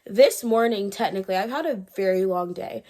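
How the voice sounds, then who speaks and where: A woman's voice: medium pitch, normal speed, dark tone. A young woman vlogger chatting casually to her viewers, slightly out of breath, rambling with fillers and restarts. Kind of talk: casual chat.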